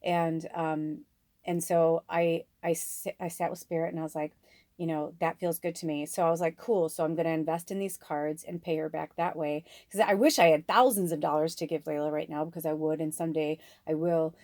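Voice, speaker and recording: A woman with a somewhat low voice talks in a loose, rambling vlog monologue, piling on fillers and restarts and swearing now and then. The sound is close and dry, with almost no room in it. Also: fairly even intonation, brisk, darkish tone, dry recording. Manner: rambling, effusive, frequent fillers and self-corrections; swears casually. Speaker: spiritual medium and oracle card reader.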